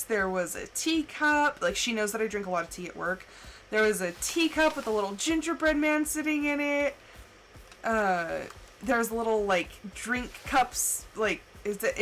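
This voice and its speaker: A woman livestreamer telling stories in casual chat, animated and full of fillers, acting out the people she quotes. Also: fairly high pitch, a little hiss or hum, poor audio. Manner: chatty and animated, full of "like" and laughs; acts out quoted people with jumps in voice. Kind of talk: casual storytelling chat during a game stream.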